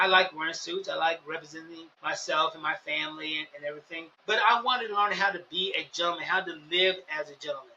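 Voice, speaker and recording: Bright-voiced earnest male podcast host. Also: high-pitched, dull audio, a little hiss or hum. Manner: earnest, repetitive, preacher-like emphasis. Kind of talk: motivational podcast talk.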